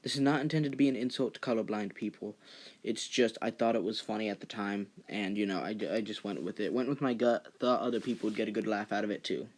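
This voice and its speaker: Sheepish young man with a low voice. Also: fairly even intonation, quick pace. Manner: sheepish, self-deprecating, hesitant with fillers. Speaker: channel host adding edit commentary. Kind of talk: casual voice-over aside.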